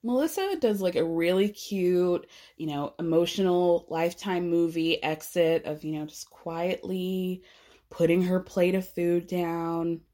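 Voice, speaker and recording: A woman's voice: on the low side, a little slow, warm tone. A woman hosting a podcast, chatting casually in a recap, full of likes, laughs and playful mock voices. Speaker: podcast host.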